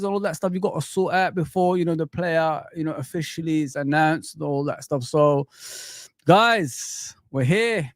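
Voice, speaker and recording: A man's voice: high voice, dry recording, clean studio sound. A young adult man hosting a fan live stream, hyped and exclamatory, repeating words for emphasis. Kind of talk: excited live-stream chat.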